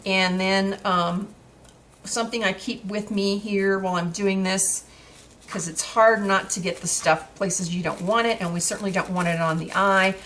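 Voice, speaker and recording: A woman's voice: medium pitch, fairly even intonation, normal speed, a bit bright, a little hiss or hum. A woman talking through a craft tutorial in a chatty way while she works, with frequent fillers and restarts.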